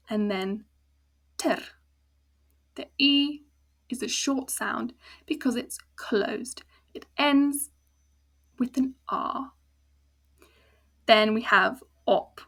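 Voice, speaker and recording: Slow, patient South African woman teacher. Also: on the high side. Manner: patient, slow explaining with spelled-out sounds. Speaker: language teacher. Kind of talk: casual spoken lesson.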